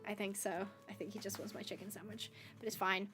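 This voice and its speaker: A woman's voice: medium pitch, flat delivery, fast talker, fairly bright tone, faint music behind. A woman chatting on a livestream in a bubbly, chatty way, thanking her viewers as she talks. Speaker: livestreaming gamer. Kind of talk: casual livestream chat.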